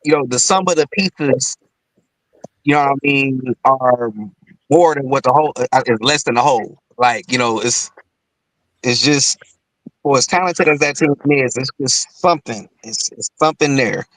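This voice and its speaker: A man's voice: mid-range voice, moderate pace, fairly bright tone, dry recording, poor audio. A man in casual sports chat, rambling with many fillers and short laughs between points.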